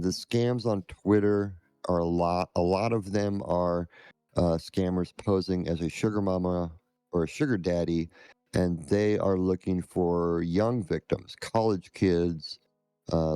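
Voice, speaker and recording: A man with a very low, mellow voice answers interview questions slowly and haltingly. His tone is smooth and resonant, and it is recorded dry and close. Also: fairly even intonation, no echo. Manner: halting, measured. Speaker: scam-baiting streamer, guest.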